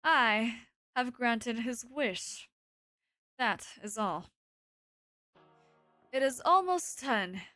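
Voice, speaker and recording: A woman voicing a calm, sinister male pigeon doctor who speaks slowly and coldly in a game playthrough. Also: on the high side, no echo, faint music behind, exaggerated voice. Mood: menacing. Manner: slow, cold, deliberate.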